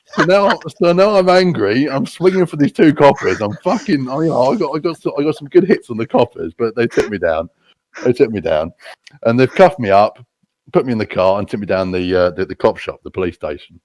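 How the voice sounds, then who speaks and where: A man's voice: medium pitch, very animated, fairly quick, a little mellow, no echo. A British man telling rowdy stories casually, swearing a lot and laughing at himself. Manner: crude, profane, laughing at his own stories. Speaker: storyteller.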